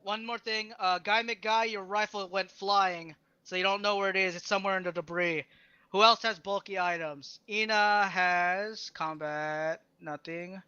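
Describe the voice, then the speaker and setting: A man's voice: high voice, steady tone, a little slow, pushed and bright, clear, resonant tone, muffled recording. A man running a tabletop game as game master, talking casually with frequent fillers and restarts.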